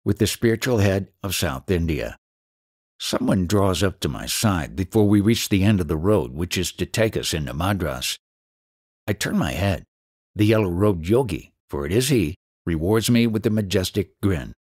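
A man narrating an audiobook in a measured, deliberate reading. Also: sits low, expressive, darkish tone, breathy edge, dry recording, clean studio sound.

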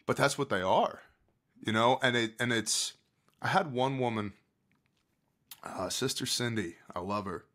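A man's voice: medium pitch, measured pace, long pauses. An American man, a podcast guest who leads disaster relief work, telling stories in a casual chat and acting out what people said. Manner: animated storyteller, acts out quotes, swings from loud to hushed.

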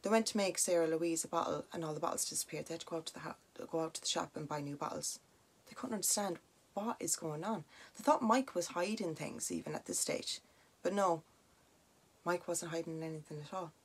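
A young Irish woman with a low voice tells a ghost story casually on her podcast. She chats along with plenty of "like" and "now" asides, animated and conversational. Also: fairly quick, slightly rough. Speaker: podcast host.

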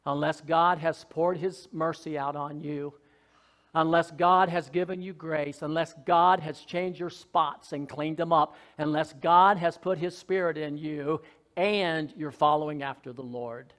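A man preaches a sermon in a high, fervent voice. He is folksy and joking, drops to soft asides, then rises to loud shouted lines. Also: steady tone, a little slow. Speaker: pastor.

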